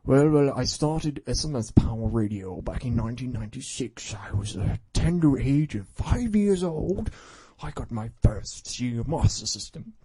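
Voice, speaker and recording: A man's voice: medium pitch, animated, moderate pace, mellow, husky. A man mimicking an earnest guest reminiscing. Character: earnest man telling his life story.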